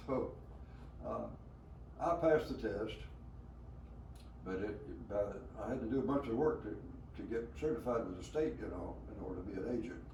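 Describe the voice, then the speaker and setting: A man's voice: fairly low pitch, animated, moderate pace, mellow. A man in his nineties from rural Alabama with a Southern American accent, telling stories from his life in an interview, rambling along with many hesitations and chuckles. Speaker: veteran being interviewed. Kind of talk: storytelling interview. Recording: roomy, from a distance, faint background noise.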